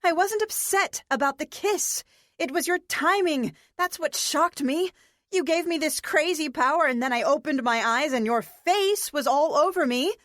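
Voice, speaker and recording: A woman's voice: high-pitched, very animated, a little slow, few pauses, no room sound, studio quality. April, a fiery young woman, read by a woman. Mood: exasperated. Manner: sharp, scolding. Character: fiery young woman, exasperated love interest.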